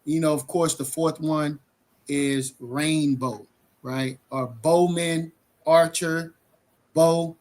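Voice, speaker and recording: A man's voice: a little high, fairly even intonation, takes it slowly, a little mellow. A man co-hosting a livestream bible study, talking casually and animatedly with many fillers.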